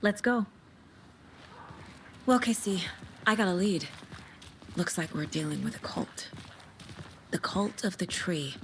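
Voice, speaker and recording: An actress playing a calm, focused female federal agent who speaks in a composed, businesslike way. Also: fairly low pitch, takes it slowly, pauses often, slight background noise. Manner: composed, businesslike, matter-of-fact.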